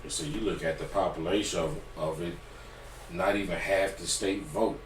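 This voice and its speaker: A man sits in as a guest on a casual podcast and talks in a relaxed, slangy way. His voice is fairly low and sounds set back from the mic in an echoey room. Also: normal speed, recorded from a distance, slight background noise.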